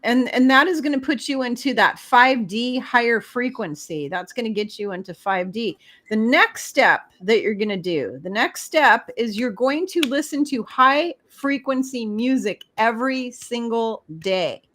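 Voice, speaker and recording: A woman's voice: fairly high pitch, animated, unhurried, fairly bright tone. A middle-aged woman giving spiritual advice in an emphatic, preachy way, speaking straight to the listener. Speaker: spiritual guest. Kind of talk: casual spiritual advice talk.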